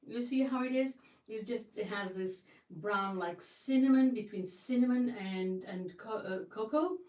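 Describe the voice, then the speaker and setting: A woman's voice: mid-range voice, measured pace, darkish tone. A woman hosting a casual livestream from her home kitchen, chatty and effusive, often restarting her sentences. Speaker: livestream host. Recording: roomy sound from a distance.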